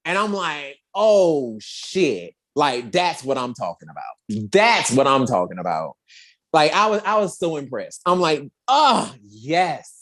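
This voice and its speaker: Deep-voiced animated woman podcaster. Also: normal speed. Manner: animated, acts out scenes in exaggerated voices. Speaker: podcast co-host reviewing a show. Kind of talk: casual chat.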